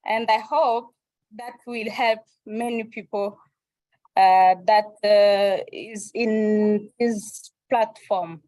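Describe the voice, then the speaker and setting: A woman's voice: mid-range voice, fairly even intonation, drawn-out words, mellow, no room sound, rough recording. A woman from Rwanda starting a hesitant presentation on a video call, with many fillers. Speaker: guest speaker. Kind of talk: online presentation.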